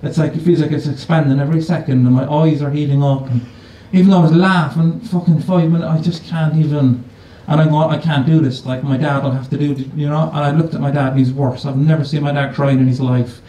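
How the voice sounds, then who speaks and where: A man's voice: on the high side, quick pace, few pauses, muffled recording. A man telling a comic story on stage in a casual, swearing, conversational way. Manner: swearing, conversational, animated storytelling with a live audience laughing. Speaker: stand-up comedian. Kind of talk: stand-up storytelling. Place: stage in a comedy venue, before an audience. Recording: echoey live venue, voice from far off, audible audience noise.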